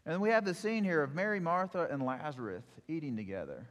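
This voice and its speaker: A man giving a sermon, retelling a scripture story in a lively storytelling way with acted-out quotes. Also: fairly high pitch, a little fast, long reverb tail. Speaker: preacher.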